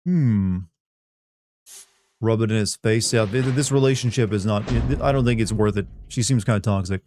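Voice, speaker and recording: A man's voice: on the low side, moderate pace, a little mellow, slight background noise. Man, streamer, sarcastic, rambling gaming commentary, game sounds behind.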